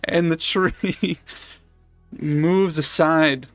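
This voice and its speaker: A man's voice: fairly high pitch, drawn-out words, a bit bright, no room sound, soft background music. A man streaming a board game, improvising a story in a playful, giggly way.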